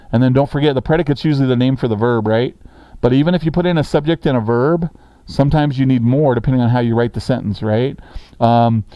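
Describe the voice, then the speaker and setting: A man's voice: medium pitch, mellow, no room sound. A man teaching a sixth grade grammar lesson in a classroom, talking casually and checking in with the students often.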